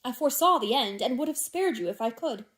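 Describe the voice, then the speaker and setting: A woman reading the part of a smooth, persuasive older gentleman in a classic novel. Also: sits high, expressive, brisk. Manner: silky, persuasive, falsely tender.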